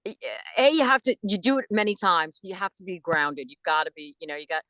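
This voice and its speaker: A woman who is a voice actress, chatting as a guest in an interview with enthusiastic, animated talk and frequent restarts. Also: on the low side, quick pace, dry recording. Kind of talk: casual interview chat.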